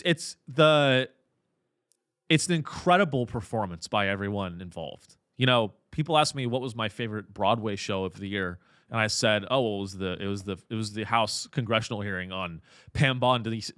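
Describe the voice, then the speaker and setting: A man's voice: on the low side, fairly bright tone, no room sound. A man hosting a comedy podcast, delivering a profane, ironic, rambling rant with many restarts into a close mic. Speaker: podcast host.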